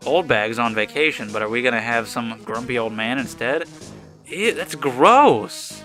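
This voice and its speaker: A man's voice: medium pitch, fairly even intonation, brisk, pushed and bright, soft background music. A man giving casual gameplay commentary with crude, joking asides. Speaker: let's player.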